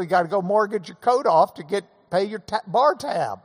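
Man host, folksy chuckling storyteller, slightly high voice, hall reverb. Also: lively intonation, normal speed, husky. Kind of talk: casual monologue.

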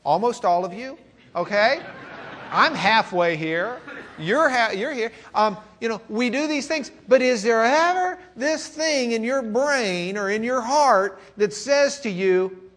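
A man's voice: extremely high pitch, lively intonation, measured pace, a little hiss or hum. Texan man teaching a church class. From Lubbock, Texas. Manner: conversational, swings between loud questions and quiet musing. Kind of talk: classroom sermon lecture.

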